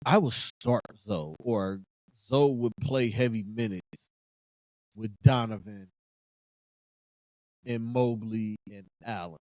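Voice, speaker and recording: A man's voice: fairly low pitch, slow pace, long pauses, darkish tone, no echo. A man in his thirties hosting a sports podcast in casual talk, fired up and emphatic, repeating phrases for effect.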